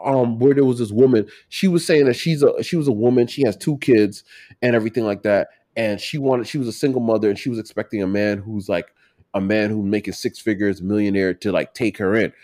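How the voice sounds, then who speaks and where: A man co-hosting a casual talk, animated and emphatic, swinging from loud to quiet. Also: lowish voice, fairly quick, no room sound, clean studio sound. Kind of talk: casual chat.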